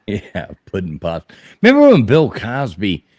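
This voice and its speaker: A drunk man talking over the group, his pitch swinging wildly as he rambles and repeats himself. His voice sits close and dry on the mic, with no room around it. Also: huge pitch swings, a little slow, darkish tone, no echo. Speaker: podcast panelist. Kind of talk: drunken casual chat.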